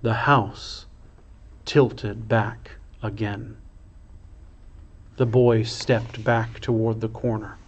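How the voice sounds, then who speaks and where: Slow-reading priest telling a story. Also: male voice, on the low side, little pitch movement, dull audio.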